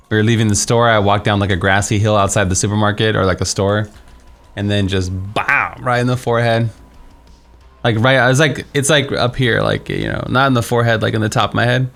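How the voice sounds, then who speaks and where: Young male game streamer, lowish voice, loose rambling delivery, faint game music behind. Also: moderate pace, gravelly, pauses often, a bit bright. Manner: rambling, many fillers and restarts. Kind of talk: casual storytelling while playing.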